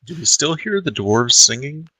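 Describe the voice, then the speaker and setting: A man's voice: fairly high pitch, very animated, normal speed, sharp tone, breathy edge, dry recording, low-quality recording. A man playing a tabletop game, tentative and polite. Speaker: player.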